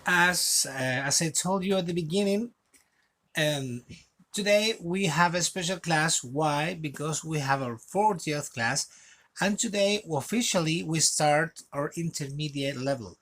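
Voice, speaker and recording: Man teaching a slow English class. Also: on the high side, fairly bright tone. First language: Spanish. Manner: slow, repeats words for learners to copy. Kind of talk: recorded online class.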